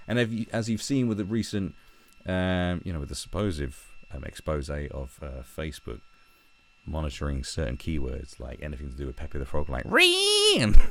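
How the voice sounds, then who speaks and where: A man giving a profane, mocking, rambling commentary as the host of his own vlog. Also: low voice. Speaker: online commentator.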